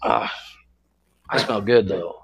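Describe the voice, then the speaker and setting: A man's voice: fairly low pitch, slow pace, creaky. A man co-hosting a casual podcast, telling stories with lots of laughter and acted-out quotes. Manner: storytelling, laughs often, acts out quotes. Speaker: podcast co-host. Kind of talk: casual chat.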